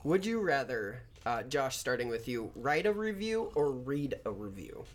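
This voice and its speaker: A young man hosts a casual podcast with his brothers, laughing easily and often breaking off to restart a sentence. His pitch sits in an ordinary middle range. Faint noise hangs behind the voice. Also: very animated, measured pace. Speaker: podcast host.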